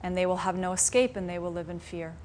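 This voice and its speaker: A woman voicing a gentle, pleading deer. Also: on the low side, fast, lightly acted. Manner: soft, pleading, heartfelt. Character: gentle, compassionate male banyan deer leader. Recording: faint room noise in a live class.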